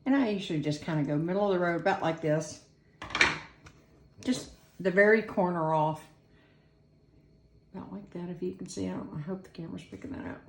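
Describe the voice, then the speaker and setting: A woman with a fairly low, slightly mellow voice hosts a casual home cooking video, talking briskly and pausing often. She chats and jokes at her own expense while working in front of a camera on a tripod, in an echoey room.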